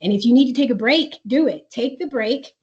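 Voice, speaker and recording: A woman's voice: on the high side, a little fast. A woman presenting a school webinar for parents, reading out their questions and giving coaching advice with many fillers. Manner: reads parent questions aloud, then coaches warmly with filler words. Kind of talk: live webinar Q&A. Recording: dull lo-fi webinar audio.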